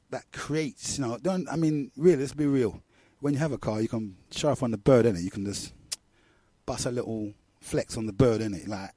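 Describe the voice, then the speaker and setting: Middle-aged London radio host, rambling and slangy, warm low-key tone, dry close sound. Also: male voice, slightly rough, no echo. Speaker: radio talk show host. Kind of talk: casual monologue.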